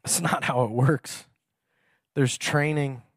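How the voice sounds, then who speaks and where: A man's voice: medium pitch, fairly even intonation, slow, slightly rough, no room sound, studio quality. A man preaching a casual sermon in a chatty, self-mocking way, laughing often.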